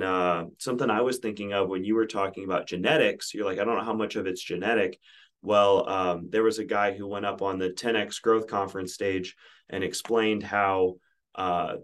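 A man hosting a podcast, chatting in a relaxed, conversational way. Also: lowish voice.

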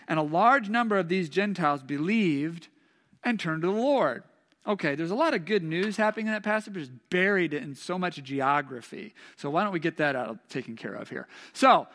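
Middle-aged male preacher, light high tone, self-mocking storyteller, long church echo. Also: pushed and bright. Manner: humorous, self-deprecating storytelling. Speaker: pastor. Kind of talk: sermon with personal story.

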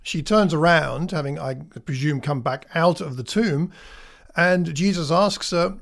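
A man delivers a sermon in a calm, conversational tone. His voice sits a little higher than most men's. He talks it through thoughtfully, with the odd filler, and lingers on the lines he wants to land. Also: vocal fry. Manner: reflective, conversational, with frequent fillers and slow emphatic pauses. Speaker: preacher.

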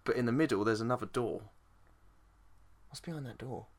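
English man, podcast co-host, casual film chat, sweary, animated. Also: medium pitch, fairly quick. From England. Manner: sweary, laughs often, animated retelling.

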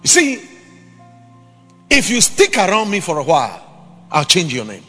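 Animated preacher with a ringing voice. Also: male voice, high-pitched, normal speed, long pauses, husky, big-room sound, soft background music. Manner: emphatic, swings between loud exhortation and quiet asides. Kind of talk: sermon. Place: church.

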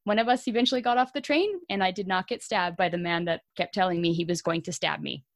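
A young Canadian woman co-hosting a podcast, telling a story in a casual, animated way and laughing often. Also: lowish voice, fast talker, dry recording, studio quality. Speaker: podcast co-host.

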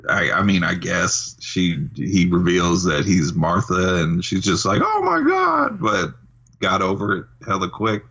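Deep gravelly man on a lo-fi mic. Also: steady tone, measured pace, hardly any pauses, fairly bright tone. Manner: chiming in with plot details. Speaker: podcast co-host. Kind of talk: casual movie chat.

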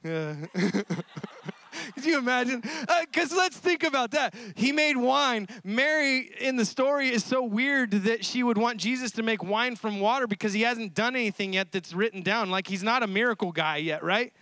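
A man with a high, light voice preaches to his congregation and tells the story with animated energy, breaking into frequent laughter as he goes. The sound is dry and close, with almost no room echo. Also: moderate pace. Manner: animated storytelling, laughs often between lines. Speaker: pastor. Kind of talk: sermon.

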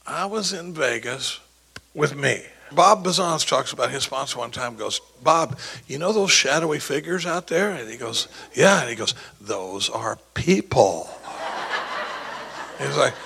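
A man's voice: fairly high pitch, lively intonation, moderate pace, gravelly, pushed and bright, a little hiss or hum, low-quality recording. A man speaking as a recovery sponsor, telling rambling stories with quoted dialogue and many false starts. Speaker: recovery sponsor sharing at a meeting. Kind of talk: rambling anecdotal talk.

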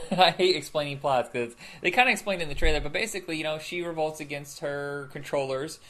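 A man co-hosting a relaxed movie podcast. He talks fast and keeps an easygoing tone, often hedging his opinions with small qualifiers. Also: a little high. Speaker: podcast co-host. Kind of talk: casual movie review chat.

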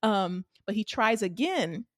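A woman co-hosting a casual chat, recapping a film in an animated, rambling way with lots of fillers. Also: mid-range voice, slow, no room sound, clean studio sound. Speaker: podcast co-host.

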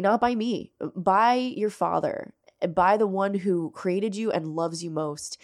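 A woman hosting her own faith podcast, speaking earnestly and through tears, often halting and restarting her sentences. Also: medium pitch, gravelly, darkish tone. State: tearful. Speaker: podcast host. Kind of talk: emotional faith podcast monologue.

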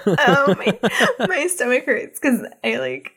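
A young woman hosting a podcast, casually recapping an anime episode in an animated way, full of swearing and "like" as she acts out the characters. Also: a little high, slow, slightly rough. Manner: animated, swears a lot, heavy use of "like"; acts out characters' lines in exaggerated voices. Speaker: podcast host.

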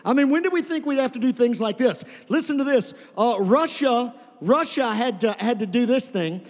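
A man's voice: very high voice, animated, moderate pace. A man preaching a sermon in a church, speaking conversationally and calling out to the congregation to respond. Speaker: pastor. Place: church sanctuary. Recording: long hall reverb.

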